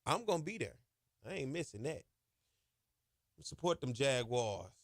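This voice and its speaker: A podcast host delivers an impassioned sports monologue, talking emphatically and colloquially with plenty of "y'all" and "ain't." His medium-pitched voice swings widely in pitch and runs a little slow. The recording is dry, with clean studio sound.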